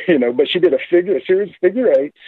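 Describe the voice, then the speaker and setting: A man calling in to a radio talk show, telling his story in a rambling, halting, excited way. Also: fairly high pitch, husky, no echo. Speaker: caller. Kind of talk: casual phone-in story. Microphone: phone. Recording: tinny phone line.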